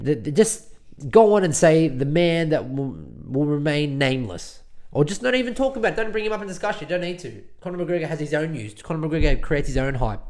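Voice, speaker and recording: A man's voice: fairly high pitch, darkish tone. Male solo podcast host, chatty and rambling, ranting commentary with lots of restarts. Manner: rambling, repeats words, ranting.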